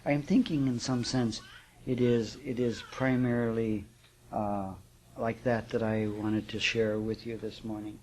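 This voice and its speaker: An older man giving a sermon as a spiritual teacher, speaking in an unhurried, reflective way with repetitions and restarts. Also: on the low side, little pitch movement, darkish tone, a little hiss or hum.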